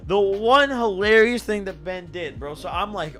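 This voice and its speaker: A man's voice: sits high, a little slow, soft background music. A young man, intoxicated, telling a story on a stream in a casual, slangy way and laughing as he goes. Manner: animated, slangy, laughs through his story.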